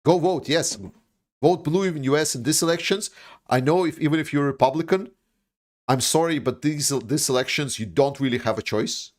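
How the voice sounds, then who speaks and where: A man's voice: fairly high pitch, moderate pace. A man who grew up after the Soviet Union, hosting a political livestream with an emphatic, repetitive and profane delivery. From Eastern Europe, post-Soviet. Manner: emphatic, repetitive, swears when angry. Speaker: livestream host. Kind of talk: impassioned political livestream monologue.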